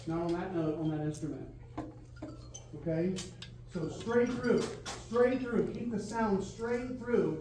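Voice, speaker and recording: A man in his thirties, a band director coaching his students through a rehearsal, counting off loudly and singing phrases to show how they should sound. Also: high voice. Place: school band room. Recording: very roomy, distant, noisy.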